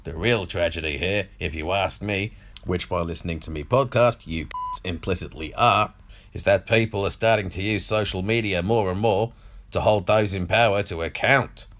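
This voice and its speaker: A man's voice: low voice, moderate pace, a bit bright. A man voicing a crude, sneering elderly media baron in a put-on Australian accent, in a comedy podcast monologue. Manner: foul-mouthed, gloating, mocking.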